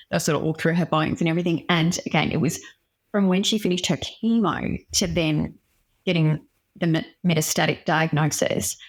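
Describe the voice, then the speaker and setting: Woman, guest doctor; low-pitched, candid, reflective storyteller. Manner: earnest, reflective.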